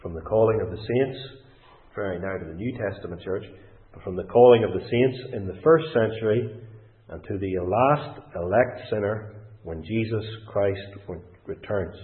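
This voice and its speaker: A man preaching a sermon in a deliberate, emphatic way, leaning hard on key words. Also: on the low side. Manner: deliberate, emphatic, with rising stresses. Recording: tinny phone-like sound in an echoey room.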